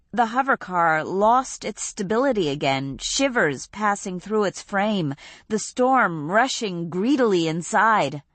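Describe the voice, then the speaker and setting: Woman narrator, lower pitch, unhurried steady reading, dry studio sound. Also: no room sound. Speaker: audiobook narrator. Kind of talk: scripted narration.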